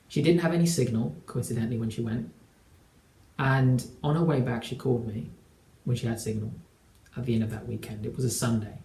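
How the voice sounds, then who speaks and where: A man's voice: mid-range voice, fairly quick, gravelly, a little mellow. A man in his twenties, a relationship coach, telling a personal story to camera in an earnest, emphatic way. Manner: earnest and emphatic, acts out quoted dialogue. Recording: echoey room.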